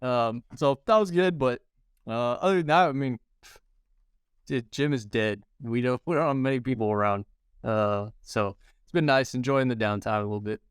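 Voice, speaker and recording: Hesitant man with smooth voice. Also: mid-range voice, moderate pace, dry recording, studio quality. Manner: hesitant, filler-heavy talk. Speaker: podcast host, hitting coach. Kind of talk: casual chat.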